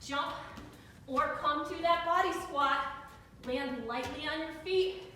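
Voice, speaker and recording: A woman's voice: sits high, slow pace, sharp tone, slight background noise. Breathless woman coaching a workout in an echoey room. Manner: upbeat encouraging cues, counting down reps. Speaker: fitness instructor. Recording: echoey room with reverb, mic far off.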